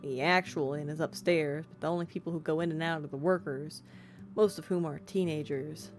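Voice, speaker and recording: A woman's voice: deep voice, steady tone, brisk, faint music behind. Chatty, giggly woman playing a game. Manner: chatty, self-deprecating, giggly, reads text aloud. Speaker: streamer playing a story game. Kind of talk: casual let's-play commentary and narration.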